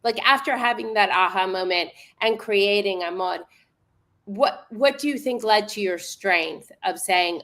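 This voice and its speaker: A woman host with a middle pitch chats enthusiastically and warmly affirms her guest. Her talk is conversational and encouraging. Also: unhurried. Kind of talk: conversational interview.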